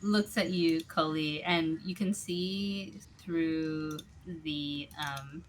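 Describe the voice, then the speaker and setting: Low-voiced unhurried woman game master. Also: a little hiss or hum. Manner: relaxed, hesitant narration with many fillers. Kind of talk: narrating a tabletop game.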